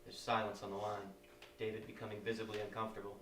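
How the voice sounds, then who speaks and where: A man's voice: lowish voice, quick pace, distant mic. Male narrator for stage directions; roomy, echoey live-reading sound with faint background noise. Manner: steady, descriptive reading.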